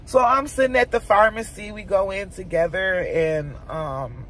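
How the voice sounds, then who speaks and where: A woman's voice: medium pitch, a little slow. Chatty woman vlogger telling a story. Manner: chatty, animated, addresses viewers as "y'all". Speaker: mom vlogger. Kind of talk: casual storytelling to viewers.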